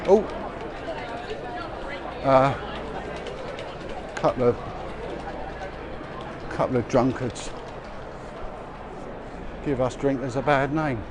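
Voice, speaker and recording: A middle-aged man with a mid-range, steady voice talks extremely slowly, leaving long pauses. He is a vlogger rambling through busy city streets on a walking livestream, restarting often and using lots of fillers, while passers-by and street noise fill the background.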